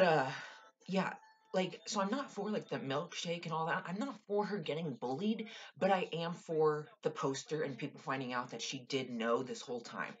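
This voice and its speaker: A young woman ranting casually about a TV show, exasperated, sighing often and swearing freely. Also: low-pitched. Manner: exasperated, frequent sighs and swearing. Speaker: vlogger. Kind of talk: casual TV recap rant.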